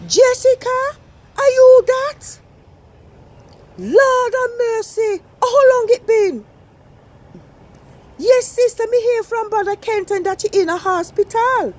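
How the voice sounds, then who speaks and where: A woman's voice: very high-pitched, takes it slowly, pauses often, voice pushed up. A woman voicing a chatty older Jamaican woman on the phone, with a patois accent and a sing-song delivery. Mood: lively gossip.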